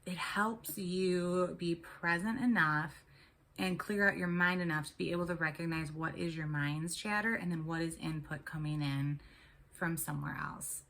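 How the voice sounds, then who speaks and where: Woman, casual vlog storytelling, rambling, low-pitched, gravelly. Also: steady tone, moderate pace, fairly bright tone. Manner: rambling, chatty, with many ums and restarts. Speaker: tarot and spirituality vlogger; mother of three.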